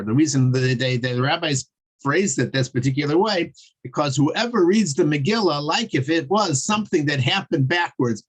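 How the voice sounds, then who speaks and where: A man's voice: fairly high pitch, husky. A man teaching a casual online Torah class over a video call, chatty and digressive, chuckling as he tells jokes.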